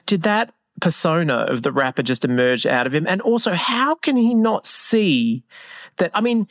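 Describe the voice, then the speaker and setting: Man, podcast co-host, wry, reflective, gravelly, dry room. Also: a little high, very animated, moderate pace, fairly bright tone, no echo. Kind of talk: casual pop culture chat.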